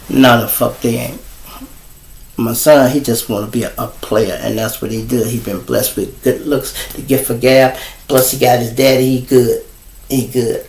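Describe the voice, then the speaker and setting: Gravelly middle-aged Chicago man ranting. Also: mid-range voice, steady tone, normal speed, a little mellow. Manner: blunt, profane, preachy, addresses viewers as y'all. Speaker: show host. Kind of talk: casual livestream monologue. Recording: roomy echo.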